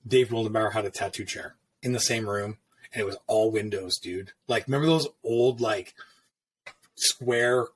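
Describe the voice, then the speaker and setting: With a fairly low, slightly rough voice at normal speed, a man who has tattooed for years recounts stories from his career. He wanders from point to point, swears freely and leans heavily on fillers in this casual storytelling.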